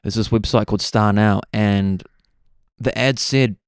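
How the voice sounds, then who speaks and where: A young man with a New Zealand accent, hosting a podcast and telling stories in an excitable, casual way. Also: lowish voice, unhurried, smooth, no room sound, clean studio sound. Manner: excitable, says "bro" constantly. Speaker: podcast host. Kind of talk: casual storytelling chat.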